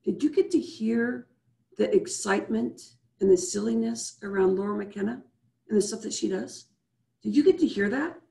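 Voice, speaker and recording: A woman's voice: mid-range voice, moderate pace, vocal fry, dark tone, roomy sound. A woman hosting a live video-call show as a business coach, leading listeners through breathing and asking repeated rhetorical questions. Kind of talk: motivational show wrap-up with guided breathing.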